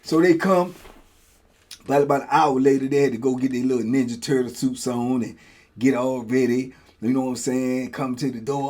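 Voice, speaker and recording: A middle-aged man telling a prison story in casual talk. He acts out the guards and himself in loud high bursts and drops low and quiet for asides. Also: fairly even intonation, moderate pace. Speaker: storyteller host.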